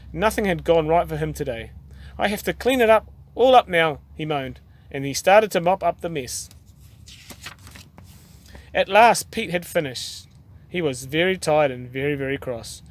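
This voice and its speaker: New Zealand dad, children's book reader, slightly higher voice, expressive. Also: male voice, measured pace. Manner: gentle, expressive reading with small restarts. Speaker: storyteller dad. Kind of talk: reading a children's picture book aloud.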